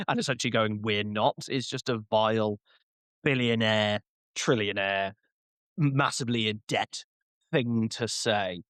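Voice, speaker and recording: A man's voice: mid-range voice, a bit bright, dry recording. A man hosting a casual wrestling chat, ranting and joking as he acts out short quoted voices. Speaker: podcast host.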